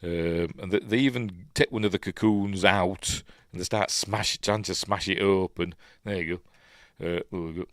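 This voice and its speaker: A man's voice: deep voice, fairly even intonation, moderate pace, a bit bright, dry recording, clean studio sound. A man with a Yorkshire accent hosting a casual film breakdown, rambling and emotional, full of ums and uhs. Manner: emotional, chatty. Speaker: film review host.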